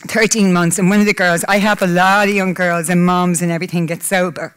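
A woman's voice: on the low side, flat delivery, brisk, fairly bright tone, smooth. A woman, giving a candid personal talk to a live audience, tearful at times. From Ireland. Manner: candid, emotional, breaks into laughter. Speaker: public speaker. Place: conference hall.

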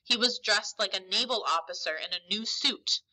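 A woman teacher reading a novel aloud to a class in an expressive, emphatic storytelling manner. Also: medium pitch, moderate pace, low-quality recording.

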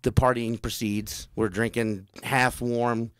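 A man's voice: mid-range voice, flat delivery, slow pace, clean tone, no room sound. A man telling a comedy story in casual talk, acting out the voices of the people in it.

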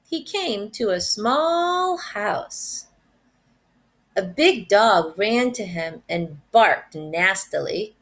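Animated woman reading to first graders. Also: mid-range voice, extremely slow. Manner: animated, expressive storytelling. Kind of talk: reading a picture book aloud.

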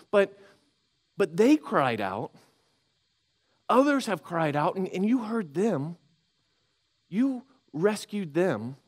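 A man preaching a sermon as pastor, conversational and animated, acting out inner voices with frequent restarts. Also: sits high, slow, long pauses. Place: church sanctuary.

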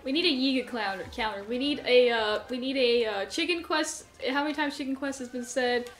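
A woman's voice: high voice, fairly quick, faint music behind. A young woman commenting on her own gameplay, who panics and shrieks in tense moments, then rambles and laughs at herself. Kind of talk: let's play commentary.

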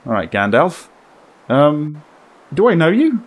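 A man talks his way through a horror game in a loose, joking commentary. His voice is lively and swings freely in pitch as he reacts out loud to what he sees. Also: slow. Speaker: gaming YouTuber. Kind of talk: let's play commentary.

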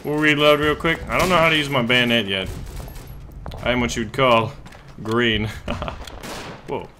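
A man giving excitable let's play commentary while playing a shooter game, often swearing and shouting at the action. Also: medium pitch, measured pace, background noise. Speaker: gaming YouTuber. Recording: loud game gunfire behind voice. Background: game gunfire and explosions.

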